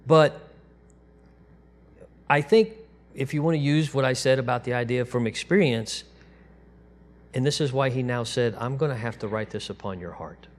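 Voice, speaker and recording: A man's voice: mid-range voice, moderate pace, pauses often. Conversational man preaching a sermon. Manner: conversational preaching with quiet, soft-voiced quotes of God. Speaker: pastor.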